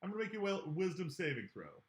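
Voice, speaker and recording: A man running a tabletop game as game master, animated and swearing freely. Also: sits high, reverberant. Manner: animated, swearing, quick to laugh.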